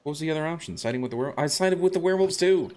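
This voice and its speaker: A man's voice: fairly high pitch, expressive, very fast, darkish tone. A man streaming a video game, chatting casually and rambling with many restarts and self-corrections. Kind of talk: casual gameplay commentary.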